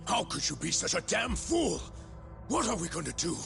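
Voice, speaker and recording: A man's voice: on the low side, big pitch swings, measured pace. An actor playing a proud, hot-tempered male research center director in dubbed game dialogue. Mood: furious. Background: dramatic game music.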